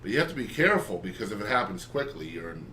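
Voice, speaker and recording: A man's voice: fairly low pitch, big pitch swings, fast talker, sharp tone. A man hosting a casual interview, joking and bantering playfully with his guests. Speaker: podcast host. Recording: roomy, distant mic, faint noise.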